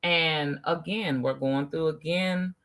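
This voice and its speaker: A woman's voice: low-pitched, slow, fairly bright tone. A woman in casual conversation, telling stories animatedly and acting out quoted exchanges.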